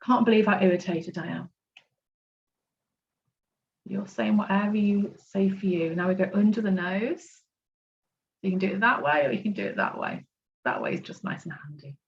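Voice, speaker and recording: A woman coaching a group through tapping points on a video call, gentle and encouraging as she walks through each step. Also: mid-range voice, animated, moderate pace, gravelly, dull audio. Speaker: self-love coach leading a tapping class.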